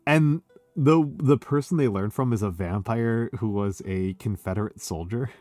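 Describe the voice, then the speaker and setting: A man's voice: on the low side, normal speed, mellow, no room sound, soft background music. A man, chatting casually and sardonically on a stream, swearing freely and often laughing. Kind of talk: casual chat.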